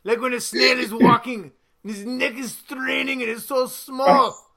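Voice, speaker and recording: A man playing a shouting, whooping gym bro. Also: very high-pitched, steady tone, normal speed, creaky, exaggerated voice. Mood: bragging. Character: loud boastful musclebound gym bro, adult man. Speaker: host.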